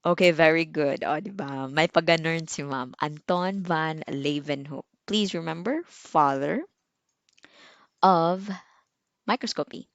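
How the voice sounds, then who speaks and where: A young woman with a Filipino accent gives a recorded lecture in a low voice. She talks slowly and chattily, with many fillers and little asides, and now and then quizzes her students. The sound is dry and close. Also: no echo. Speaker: medical technology teacher.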